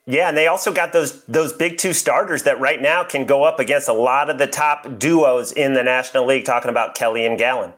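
A man's voice: medium pitch, brisk, hardly any pauses, fairly bright tone. A man giving sports betting picks, confidently rattling off stats. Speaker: betting analyst.

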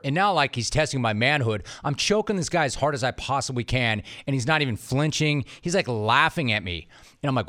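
A man's voice: medium pitch, expressive, a little fast, sharp tone, no room sound, studio quality. A man from the San Fernando Valley hosting a casual interview podcast, telling self-deprecating stories with enthusiasm. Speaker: podcast host.

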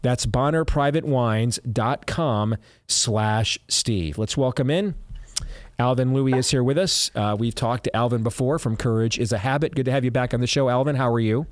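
Forceful male talk radio host. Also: mid-range voice, brisk, no room sound, clean studio sound. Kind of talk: conservative talk radio commentary.

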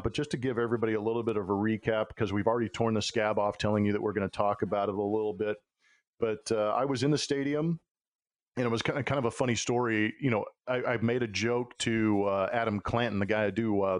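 A man's voice: on the low side, steady tone, quick pace. A man hosting a sports podcast, telling stories in a chatty, casual way with frequent filler words. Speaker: podcast host. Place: Houston.

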